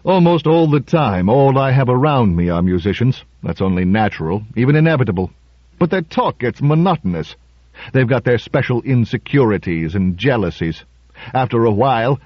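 Guy doing a nervous musician, husky, lots of pitch movement. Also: lively intonation, normal speed, dry recording, muffled recording, natural voice. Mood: confiding. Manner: hesitant, defensive. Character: uneasy male concert violinist, guarded.

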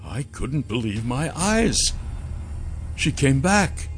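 A man narrating a first-person fantasy audiobook with a dramatic, expressive reading. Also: medium pitch, slow pace, soft background music.

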